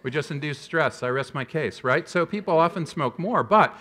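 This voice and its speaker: A man in his fifties, a public health professor, giving a conference keynote with animated storytelling and self-deprecating humor. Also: on the high side, moderate pace.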